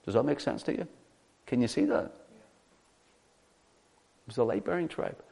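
A man preaching a sermon, teaching from the Bible in an animated way and often asking the listeners rhetorical questions. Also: mid-range voice, normal speed, vocal fry.

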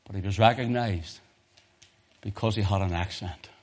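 A man preaching a sermon, rising to loud impassioned peaks and dropping to low, hushed intensity. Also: normal speed.

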